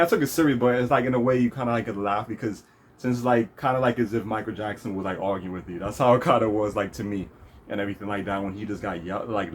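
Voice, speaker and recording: Fast-talking low-voiced man rambling. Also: a little hiss or hum. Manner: rambling, many fillers and restarts, laughs often. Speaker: vlog host. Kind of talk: casual storytelling monologue.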